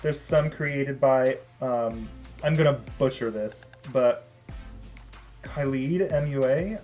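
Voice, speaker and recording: Beauty vlogger, casual review read: chatty filler-heavy delivery, sassy, profane, prone to loud excited outbursts. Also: mid-range voice, takes it slowly, soft background music. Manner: bursts into loud excited exclamations; sassy, swears freely.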